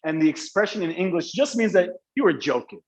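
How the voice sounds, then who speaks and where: A man's voice: sits high, big pitch swings, fairly quick. Joking, slangy male English teacher. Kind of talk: live online class. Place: Dubai.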